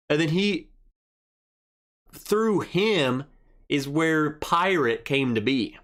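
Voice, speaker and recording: Young male stream host, slightly high voice, loose rambling storyteller who reads chat aloud. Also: expressive, slow, fairly bright tone. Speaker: livestream host. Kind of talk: casual live chat.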